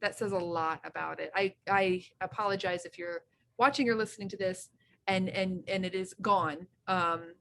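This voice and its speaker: A woman's voice: fairly low pitch, steady tone, moderate pace, a bit bright, a little hiss or hum. A woman co-hosting a casual chat, effusive and enthusiastic, often restarting her sentences. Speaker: co-host.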